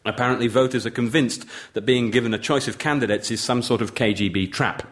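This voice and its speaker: A man co-hosting a radio comedy show as the chummy, deadpan straight man. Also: medium pitch, fast talker. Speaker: co-host.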